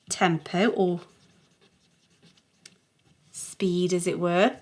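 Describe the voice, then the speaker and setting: A woman's voice: medium pitch, expressive, unhurried. A middle-aged woman, a music theory teacher talking through a worked exercise patiently and thinking aloud as she writes. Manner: patient, thinking aloud, sings short note sounds.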